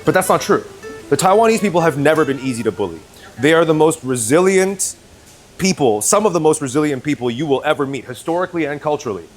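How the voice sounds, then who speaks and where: Joking guy from northern china doing a cooking vlog, voice sits a bit high and bounces around a lot, music playing clearly behind him. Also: expressive, fast. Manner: joking, chatty, switches into Mandarin. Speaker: cooking channel host. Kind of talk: casual cooking commentary.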